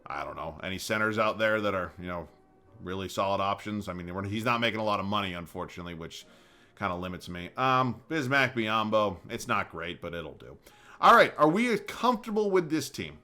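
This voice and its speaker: A young man giving casual commentary over a basketball video game, moving between calm play-by-play and profane rants. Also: on the low side, a little fast. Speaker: gaming YouTuber.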